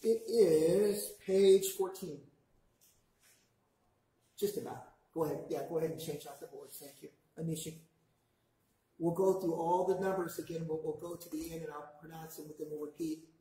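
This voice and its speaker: A man teaching a language class, patiently modelling words slowly for the class to repeat back. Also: fairly high pitch, steady tone, dark tone. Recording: very echoey classroom.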